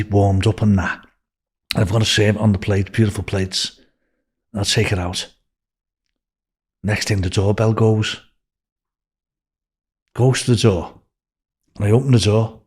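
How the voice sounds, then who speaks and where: A man's voice: on the low side, a little mellow, husky. Older Liverpool man telling rambling stories. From England. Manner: rambling anecdotes with restarts and swearing. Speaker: guest. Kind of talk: storytelling in a podcast interview.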